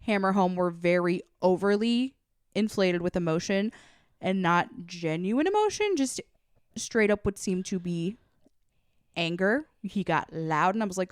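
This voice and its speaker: Smooth-voiced young woman, casual podcast talk. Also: lowish voice, lively intonation, dry recording, studio quality. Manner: deliberate, thinks aloud, skeptical. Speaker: podcast co-host. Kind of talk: casual chat.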